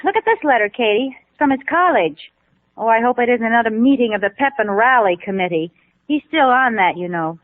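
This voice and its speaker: A woman's voice: on the high side, expressive, a little fast, dry recording, natural voice. A woman playing a cheerful young wife in a 1950s radio comedy, bubbly and playful. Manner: bubbly, playful comic delivery. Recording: tinny old radio transcription.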